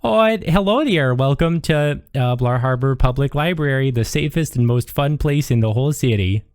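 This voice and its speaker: A man voicing a sweet-looking, overly cheerful woman librarian who slips in dark jokes. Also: mid-range voice, moderate pace, clear, resonant tone, lightly acted. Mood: chirpy. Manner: chirpy, overly cheerful with a dark joking streak.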